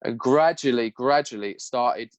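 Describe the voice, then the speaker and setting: A young man speaks candidly and earnestly as a podcast guest, his talk raw and peppered with swearing. His voice sits at an ordinary middle pitch. The recording is close and dry, with no room sound. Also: moderate pace, no echo, dull audio. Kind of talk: candid personal storytelling.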